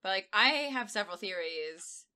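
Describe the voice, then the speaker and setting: A woman co-hosting a podcast in casual chat, rambling with lots of fillers and quick laughs. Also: medium pitch, bright, forceful tone, clear, resonant tone. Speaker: podcast co-host.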